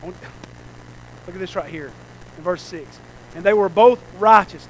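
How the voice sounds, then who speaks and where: A man's voice: high-pitched, moderate pace, a little hiss or hum, rough recording. A man preaching a sermon as pastor, calling out rhetorical questions to the congregation.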